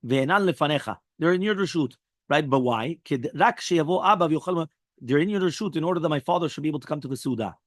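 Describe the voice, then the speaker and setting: A rabbi rattles through a Talmud lesson at a brisk clip, his fairly high man's voice quick and animated. He acts out each character's lines as he explains. The sound is close and dry, with no room around it. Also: no room sound.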